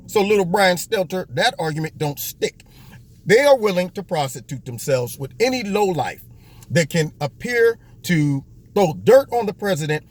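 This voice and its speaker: A man with a high, lively voice hosts a political commentary monologue. His delivery is mocking and animated. He keeps breaking into little acted-out voices. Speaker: host.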